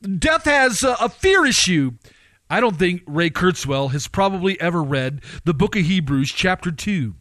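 A man preaching and commenting, firing off rhetorical questions with his pitch swinging up and down. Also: sing-song, normal speed, fairly bright tone, no echo.

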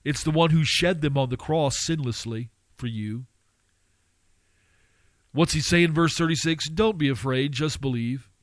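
Impassioned, fairly high-voiced male preacher. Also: measured pace, no echo. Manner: impassioned, surging to fervent high-pitched pleading; rhetorical questions to listeners. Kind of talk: radio sermon.

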